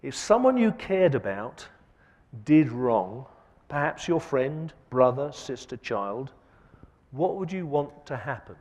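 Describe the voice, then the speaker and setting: A man giving a conference lecture, asking the audience rhetorical questions with an emphatic delivery that swings between loud and soft. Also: medium pitch. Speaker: keynote speaker. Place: large conference hall. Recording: long hall reverb.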